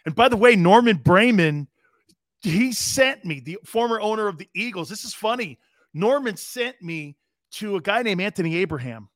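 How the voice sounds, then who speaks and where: A man's voice: high-pitched, animated, moderate pace, fairly bright tone, dry recording, studio quality. A man in his fifties hosting a sports talk show, telling profane, laughing anecdotes in casual chat.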